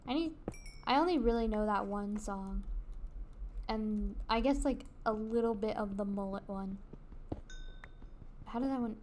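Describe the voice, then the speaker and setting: A woman's voice: mid-range voice, a little slow, pauses often, darkish tone, slight background noise. A young woman streaming a game, chatting casually and rambling between made-up song lines. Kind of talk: casual chat while gaming.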